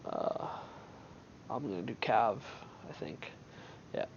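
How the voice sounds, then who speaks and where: A man's voice: fairly low pitch, lively intonation, takes it slowly, creaky, lo-fi sound, slight background noise. Offhand man narrating his gameplay. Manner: offhand, thinking aloud with many restarts. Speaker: gamer commenting on his own match. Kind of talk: gameplay commentary.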